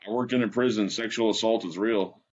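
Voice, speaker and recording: Man, ghost hunter guest, laid-back, a little low, muffled lo-fi recording. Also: steady tone, a little fast, husky. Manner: laid-back, says dude and bro a lot. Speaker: paranormal investigator guest. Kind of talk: casual chat. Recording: dull lo-fi sound.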